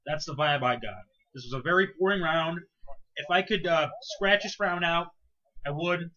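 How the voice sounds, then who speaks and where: A man's voice: on the high side, normal speed, dull audio. A man co-hosting a casual podcast, ranting with lots of swearing. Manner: profane, animated ranting. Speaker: co-host.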